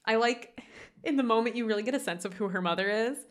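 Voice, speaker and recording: Woman podcast host gushing about a movie, lots of laughs, acts out lines, high-ish voice. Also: fast. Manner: animated, laughs often, acts out quotes. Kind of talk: casual film discussion.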